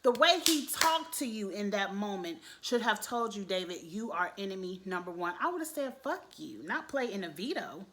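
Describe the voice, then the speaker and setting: A woman giving blunt, animated commentary on a reality show, swearing and speaking straight to her viewers. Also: mid-range voice, normal speed, few pauses. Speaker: youtube reality show reviewer. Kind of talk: casual commentary.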